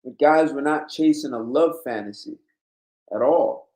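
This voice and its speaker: A man's voice: mid-range voice, a little slow, a little mellow. A man hosting a blunt, emphatic monologue in a casual, lecturing way. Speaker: host. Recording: roomy echo.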